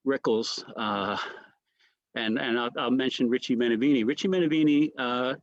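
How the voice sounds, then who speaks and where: A man's voice: mid-range voice, moderate pace, dry recording, dull audio. A man, a comedian guest, telling rambling stories and mimicking the voices of others. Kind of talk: storytelling anecdotes.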